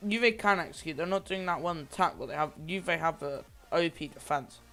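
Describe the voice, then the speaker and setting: A man's voice: a little high, fairly quick, sharp tone. A man giving amateur play-by-play commentary on a football match, rambling a little and often restarting or correcting himself.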